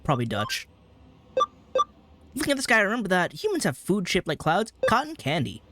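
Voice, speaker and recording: A man's voice: sits high, wildly swooping pitch, fairly quick, sharp tone. A man hosting a let's play, chatting about the game he is playing in a wry, rambling way, with faint game music behind him.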